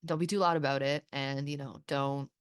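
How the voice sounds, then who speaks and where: A woman hosting a podcast, talking candidly and swearing freely, with halting restarts. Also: rumbling low, steady tone, smooth, no echo, clean studio sound. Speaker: podcast host. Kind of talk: candid therapy-style conversation.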